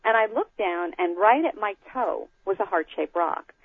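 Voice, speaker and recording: A woman guest telling an animated personal story, acting out quoted lines, over a call. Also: medium pitch, normal speed, husky, no echo. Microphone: phone call. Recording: tinny phone line.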